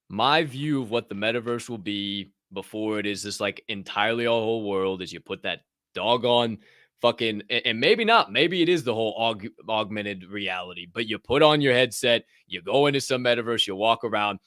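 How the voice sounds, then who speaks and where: A man hosting a podcast, running through news in an animated, joking way, swearing and ranting as he goes. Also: mid-range voice, no echo, clean studio sound. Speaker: podcast host. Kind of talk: energetic news rundown.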